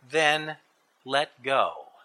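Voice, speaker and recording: A male preacher voicing God as a calm, commanding voice from the sky, speaking low and quiet. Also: very slow, full character voice.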